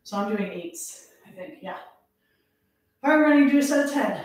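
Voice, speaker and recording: A woman's voice: on the high side, lively intonation, normal speed, long pauses. A woman fitness instructor leading a live workout, counting reps aloud, out of breath and laughing at herself. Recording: echoey room, voice from a distance.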